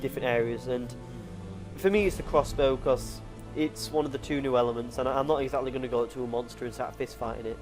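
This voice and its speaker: A man's voice: mid-range voice, steady tone, fast, music in the background. A young man co-hosting a casual gaming chat, rambling through stories with lots of restarts and "like". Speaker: co-host.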